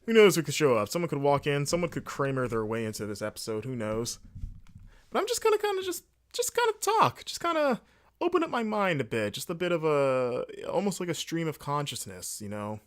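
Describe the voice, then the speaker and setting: A man hosting a solo podcast, rambling casually in a jokey, animated way late at night. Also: on the high side, brisk. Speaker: podcast host.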